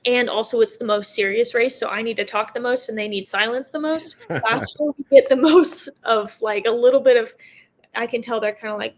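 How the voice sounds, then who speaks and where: A young woman with an American accent chats easily as a podcast guest. Her voice sits a little high, and she laughs often and scatters fillers through her talk. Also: fairly even intonation, normal speed. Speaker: guest, motocross racer. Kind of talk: casual interview chat.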